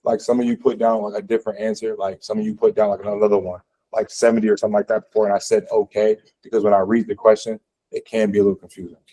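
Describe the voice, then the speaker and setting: This physics instructor talks fast in a fairly low, mellow voice with little pitch movement, leading a college class that's also streamed online. He keeps it casual, full of fillers, and asks students questions along the way, though the audio is poor.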